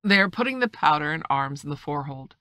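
A woman's voice: low-pitched, animated, fast talker, pushed and bright, no room sound. A woman reading a novel aloud, voicing a stern, blunt male ship's captain who speaks in a clipped, firm and formal way. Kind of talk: audiobook reading.

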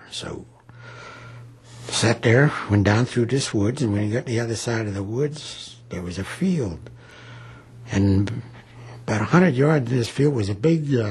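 A man's voice: mid-range voice, a little mellow, slightly rough. A man in his eighties, a war veteran, recalling his wartime days in a plain-spoken, rambling oral history. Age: 80s.

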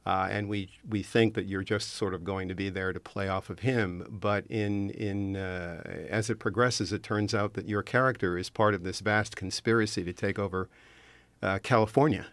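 A man's voice: fairly low pitch, steady tone, normal speed, fairly bright tone, dry recording. A man hosting a radio interview in a studio, enthusiastic and thoughtful. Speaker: host.

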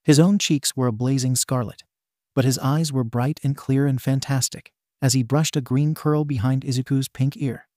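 Male narrator for read-aloud fan fiction, steady delivery, mid-range voice. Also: mid-range voice, normal speed, no room sound, clean studio sound.

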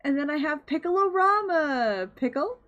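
Bubbly high-voiced woman streamer. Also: lively intonation, moderate pace, fairly bright tone, muffled recording. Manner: bubbly, squealing greetings. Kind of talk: casual live-stream chat.

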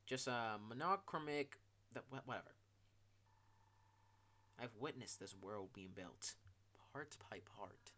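A man voicing a hushed, solemn talking block. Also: expressive, measured pace, pauses often. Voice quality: low, hushed and formal. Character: ancient talking gray building block, solemn and aloof.

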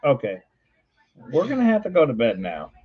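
A man hosting a livestream coin auction, chanting bids in a quick rhythmic auctioneer patter and bantering playfully between calls. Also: mid-range voice, huge pitch swings, muffled recording, heavy background noise. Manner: rapid rhythmic bid calling, playful teasing. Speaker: host auctioning coins on a livestream.

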